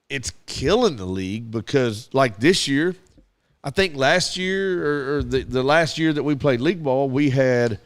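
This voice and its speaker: A man, hosting a casual podcast and telling animated stories as a youth baseball coach. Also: medium pitch. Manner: animated storyteller who acts out quoted dialogue.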